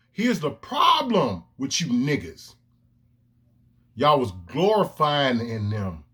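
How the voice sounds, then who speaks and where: A man with a high, somewhat bright voice rants into his own camera as a vlogger. The self-recorded clip, captured on the camera lens, is heated and profane, with emphatic outbursts throughout.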